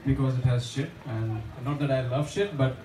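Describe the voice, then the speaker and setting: A young man does open mic stand-up on a small bar stage before a live audience, chatty and self-deprecating with plenty of fillers. His voice is medium-pitched and dark-toned at a moderate pace. The distant mic catches an echoey bar room, audience laughter, and soft background music.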